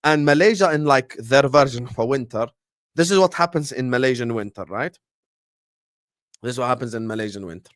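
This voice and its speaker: A Liverpool streamer in his twenties, speaking with a Scouse accent, answers viewer questions in a live Q&A, animated and casual, full of slang and jokes as he reads the chat aloud. His voice is medium-pitched and fairly quick, captured with studio quality and no echo.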